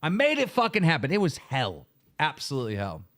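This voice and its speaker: Guy on a livestream ranting mad, lots of cussing, high voice all over the place. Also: huge pitch swings, brisk, fairly bright tone. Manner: profane, heated, emphatic. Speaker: livestream show host. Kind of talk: angry livestream rant.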